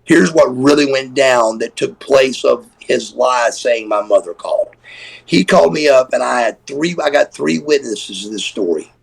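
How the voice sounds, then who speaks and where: A former pro wrestler, appearing as a guest on a live stream, tells stories in a gravelly, husky mid-range voice at a normal speed. He's animated and profane, acting out the voices he quotes, and the recording is rough.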